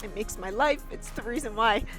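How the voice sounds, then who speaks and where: A woman's voice: on the high side, brisk, over music. A woman in her sixties vlogging on a forest hiking trail into a handheld camera, speaking in an earnest, encouraging way and laughing often. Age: 60s. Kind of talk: reflective outdoor vlog talk.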